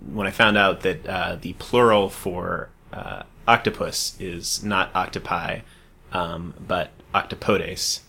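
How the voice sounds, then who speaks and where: A man co-hosting a podcast in casual chat, talking about legal matters with dry, wry deadpan humor. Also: low voice, slow, gravelly, husky. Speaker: podcast co-host, legal expert.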